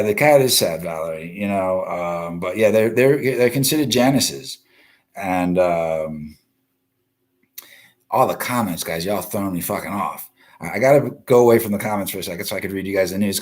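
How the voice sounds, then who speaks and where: A man's voice: deep voice, fairly quick. A man hosting a live-stream news show, ranting bluntly and profanely while greeting viewers from the comments. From East Coast of the US. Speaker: livestream news show host.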